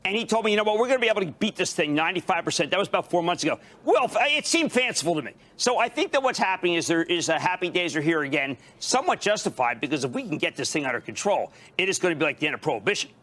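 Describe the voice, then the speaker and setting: A man who comments on finance on television, being interviewed on the markets, emphatic and excitable, talking in bursts. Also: sits high, racing, hardly any pauses.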